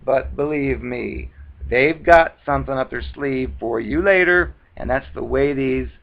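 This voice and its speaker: A gravelly, medium-pitched voice delivers advice at a measured pace: a vlogger in a casual talking-head monologue, speaking conversationally and performing the comebacks he quotes. The recording sounds dull and lo-fi.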